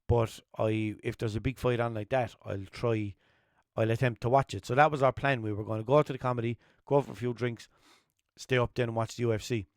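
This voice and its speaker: A young man from Limerick with an Irish accent, hosting a podcast as a rambling, swearing casual storyteller who keeps jumping into animated quotes. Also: mid-range voice, a little fast, no echo, clean studio sound. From Limerick, Ireland. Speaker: podcast host.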